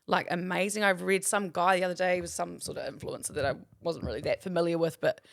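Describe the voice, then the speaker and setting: A woman's voice: fairly low pitch, fairly even intonation, quick pace, creaky, dry recording, clean studio sound. A woman co-hosting a casual podcast, speaking frankly and swearing now and then. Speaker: podcast co-host. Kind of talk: casual chat.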